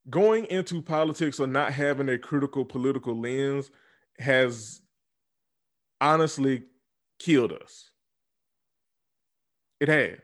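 A man in his twenties rants casually and bluntly about politics, swearing freely. His voice sits a touch high for a man. He drops to quiet mutters and then bursts back loud with laughter. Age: 20s. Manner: blunt, profane, swings from low mutters to loud laughing outbursts. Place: southern United States.

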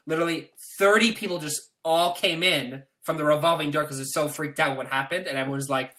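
A man's voice: fairly high pitch, a little fast, sharp tone. A man chatting as a podcast guest, rambling loosely with swearing and fillers. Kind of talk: casual chat.

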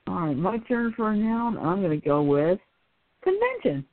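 A giggly woman reads a silly word game aloud on a casual podcast. Her voice swings lively up and down. The sound is thin and tinny, like a phone line. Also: mid-range voice, normal speed. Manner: giggles often while reading. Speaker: co-host.

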